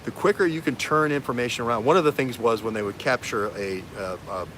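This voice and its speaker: A man hosting a livestream as an investigative journalist. He has a bright, forceful voice and talks in an animated way, jumping from thread to thread. There is a faint hiss under the voice. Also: mid-range voice, quick pace. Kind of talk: livestream talk.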